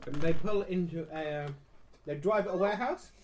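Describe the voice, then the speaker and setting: Give me a high-pitched man narrating a tabletop game with a dry wit. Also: fairly quick, a little mellow, slight background noise. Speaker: game master.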